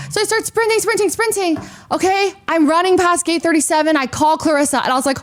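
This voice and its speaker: A young woman with a slightly high voice chats casually to her stream audience. She retells things in an animated, breathless way and jumps up into shrill exclamations. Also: fast talker. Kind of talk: casual storytelling to a stream chat.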